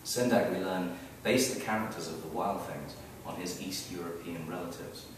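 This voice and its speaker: A man reading his own story aloud at a live event, wry and expressive, building up the action. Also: low voice, normal speed, slight background noise. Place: event hall, heard from the audience area. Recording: very echoey hall, mic far off.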